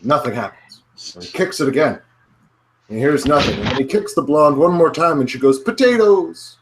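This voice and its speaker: Man, easygoing, casual joke-telling, mid pitch, faint noise. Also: a little fast. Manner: easygoing, laid-back storyteller.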